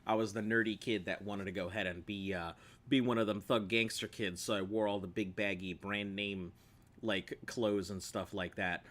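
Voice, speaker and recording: A man talks through his gameplay stream, cracking jokes with viewers and laughing often. His voice sits lowish yet comes across bright and forward. His delivery stays loose and playful. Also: steady tone, normal speed. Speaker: game streamer. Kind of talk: gameplay commentary chatting with viewers.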